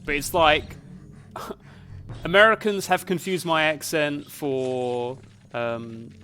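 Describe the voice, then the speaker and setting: A man's voice: on the high side, steady tone, slow pace, background noise. Rambling Essex-accented man streaming a game. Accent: Essex, softened. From Essex, England. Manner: rambling, many fillers. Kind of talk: casual live gameplay chat.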